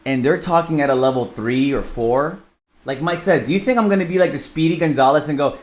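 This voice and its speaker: A man co-hosting a casual podcast as a real estate coach, talking quickly and restarting his sentences. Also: fairly high pitch. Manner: animated, fast-talking, self-interrupting. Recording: echoey room.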